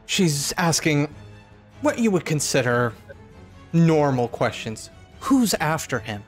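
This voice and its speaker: A man narrating as storyteller in a tabletop horror game, speaking in a measured way with pauses. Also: a little high, big pitch swings, soft background music.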